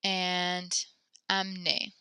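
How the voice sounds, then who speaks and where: A woman teaching a French class over a video call, patient and encouraging, reading sentences slowly and praising her students. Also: fairly low pitch, monotone, bright, forceful tone, clean tone, no room sound.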